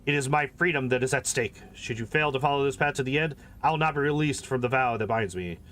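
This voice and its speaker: A man's voice: mid-range voice, quick pace, a bit bright, slight background noise, lightly acted. A man voicing an imperious male lich mentor who lectures with cold, condescending scorn. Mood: haughty.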